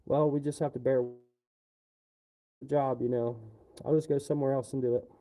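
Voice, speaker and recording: A man's voice: medium pitch, steady tone, normal speed, mellow. A man on a livestream, ranting casually in a rambling, profane way.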